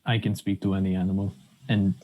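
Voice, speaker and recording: A man's voice: low-pitched, flat delivery, fast talker, narrow, tinny audio. A man playing a character in a tabletop game, hesitant and chatty. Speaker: player.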